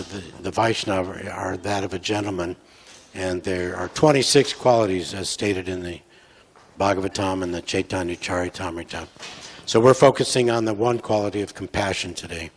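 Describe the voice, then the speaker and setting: A man moderating a panel, introducing speakers in a relaxed, slightly hesitant way. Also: deep voice, moderate pace. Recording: reverberant hall.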